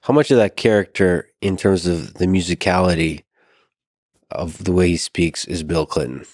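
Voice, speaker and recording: A male podcast host asking questions in a halting, searching way. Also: deep voice, darkish tone, dry recording, studio quality. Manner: halting, searching phrasing with repeats. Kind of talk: interview questions.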